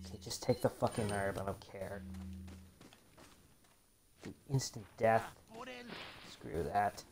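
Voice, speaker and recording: Swearing frustrated male gamer, slow. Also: on the low side, steady tone, a little mellow, slight background noise. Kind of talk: let's play commentary.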